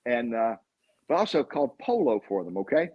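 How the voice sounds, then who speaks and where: A sportscaster being interviewed, telling rambling anecdotes full of fillers. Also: male voice, medium pitch, sing-song, a little fast, breathy edge. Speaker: sportscaster guest. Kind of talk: casual interview storytelling. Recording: dull lo-fi recording.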